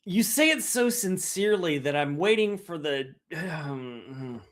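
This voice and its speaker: Animated man in dramatic podcast chat. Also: a little high, measured pace. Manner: animated, dramatic, self-mocking. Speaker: podcast co-host.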